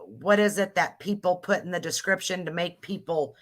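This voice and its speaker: A woman's voice: lowish voice, moderate pace. A woman hosting a casual livestream chat, exclaiming and trailing off. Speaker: livestream host.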